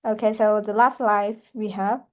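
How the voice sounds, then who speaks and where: Halting woman English teacher. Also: medium pitch, fairly even intonation, darkish tone. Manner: halting, with frequent restarts. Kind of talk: classroom answer-key walkthrough.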